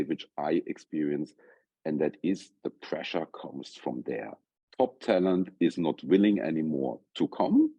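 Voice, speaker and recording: A man speaking as a conference guest in an emphatic, lively way over a video call. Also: low-pitched, dry recording, low-quality recording. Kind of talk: conference talk.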